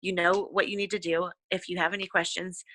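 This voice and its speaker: A woman's voice: on the low side, flat delivery, brisk, sharp tone. A woman leading a sales team, giving an effusive, encouraging motivational talk on a conference call with many fillers. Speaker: direct sales team leader.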